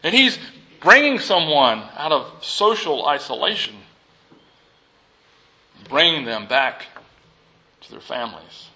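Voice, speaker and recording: A man delivers a sermon as pastor in a high, bright voice. He swings between loud emphasis and near-whispered passages. He restarts and repeats phrases to drive points home. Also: very animated, slow, long pauses, poor audio.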